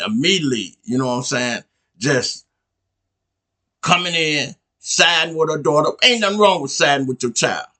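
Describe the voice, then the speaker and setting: A man with a gravelly, bright-edged voice, a touch higher than most men. He hosts a podcast and tells a story casually, rambling and often checking in with the listener. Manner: rambling, conversational, many "you know what I'm saying" asides. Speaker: podcast host.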